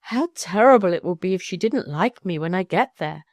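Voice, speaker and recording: A woman's voice: on the low side, animated, a little fast, no room sound, studio quality. A woman playing a timid, wistful young girl. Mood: relieved. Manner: soft, hesitant, tearful.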